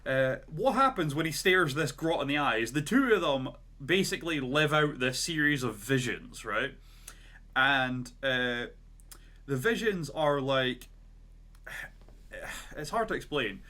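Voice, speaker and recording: Bright-toned man rambling through a story. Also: medium pitch, expressive, a little slow. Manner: rambling, lots of "like" and "right?". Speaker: podcast co-host. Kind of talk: casual storytelling chat.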